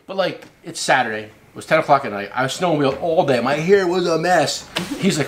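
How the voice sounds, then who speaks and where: A man's voice: a little high, animated, fast talker, slight background noise. A middle-aged man hosting his own show, telling a long story in a loose, rambling way and swearing casually. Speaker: host and tool company owner.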